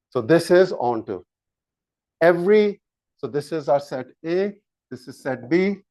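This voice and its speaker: A man lecturing a university math class, slow and halting, with frequent fillers and restarts while he draws on the board. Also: a little high, dry recording. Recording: dull lo-fi lecture capture.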